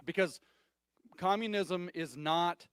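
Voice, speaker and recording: A man's voice: sits high, slow, fairly bright tone, clear, resonant tone. A man giving a public talk, driving points home with rhetorical questions. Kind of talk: public lecture.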